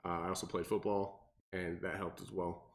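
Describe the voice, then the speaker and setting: A man with a very low voice talks loosely on a podcast, rambling with fillers and false starts. The sound is roomy, with echo around him. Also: flat delivery, normal speed, gravelly. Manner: rambling, many fillers and restarts. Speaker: podcast co-host, personal trainer. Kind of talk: casual podcast chat.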